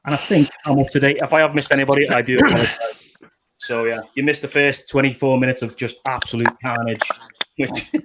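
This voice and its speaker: A man's voice: medium pitch, steady tone, a little fast, heavy background noise. A man hosting a casual live stream, greeting viewers one by one as buddy and mate. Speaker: livestream host.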